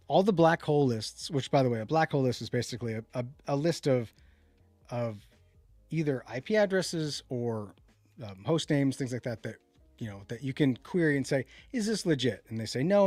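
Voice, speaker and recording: A man's voice: mid-range voice, darkish tone, dry recording. A man co-hosting a casual livestream tech chat, rambling and correcting himself as he reads viewer comments. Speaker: podcast co-host.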